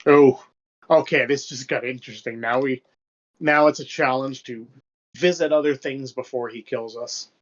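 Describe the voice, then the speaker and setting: Young male co-host, mid-pitched, rambling and sweary, on a dull lo-fi mic. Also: fairly even intonation, moderate pace. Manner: rambling, loose and profane, lots of fillers. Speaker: podcast co-host. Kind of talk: casual chat.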